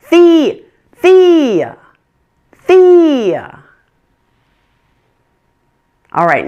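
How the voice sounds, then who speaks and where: Lively, unhurried woman coach. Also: lowish voice. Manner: clear, deliberate demonstrations of sounds. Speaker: English pronunciation coach. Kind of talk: pronunciation lesson.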